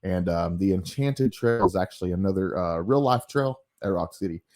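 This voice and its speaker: Casual comic reviewer, male, low voice, loose and digressive. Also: lively intonation, normal speed, darkish tone. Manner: rambling, frequent ums and asides. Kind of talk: casual commentary while reading a comic.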